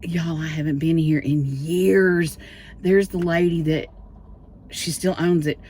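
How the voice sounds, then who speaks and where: A woman's voice: sits low, fairly even intonation, takes it slowly, darkish tone, slight background noise. A middle-aged woman with a Texan accent chatting casually to her viewers in a home vlog, calling them y'all as she goes. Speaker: vlogger.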